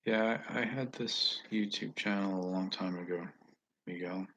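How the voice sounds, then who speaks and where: A low-voiced man with a Northeast US accent and a husky edge. He chats casually with his viewers, rambling and pausing, and his asides trail off into quiet murmurs. The sound is dry and close, with no room echo. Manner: rambling, slow, with frequent pauses and fillers that trail off into quiet asides. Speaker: channel host answering viewers. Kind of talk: casual live chat.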